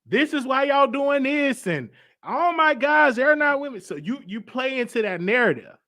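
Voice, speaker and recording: Animated, high-pitched male host. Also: moderate pace. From United States. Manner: emphatic, repeats himself, reads out comments. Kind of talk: casual live-stream commentary.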